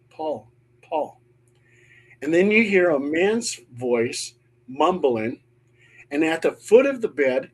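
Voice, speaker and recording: A middle-aged man, a paranormal investigator, telling a ghost story on a panel show and acting out the voices he quotes. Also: a little high.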